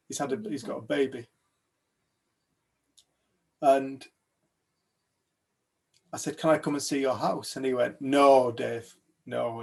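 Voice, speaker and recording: Guy from the uk telling a story to a group, gravelly, does all the voices. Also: medium pitch. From United Kingdom. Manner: animated storyteller, acts out other people's lines.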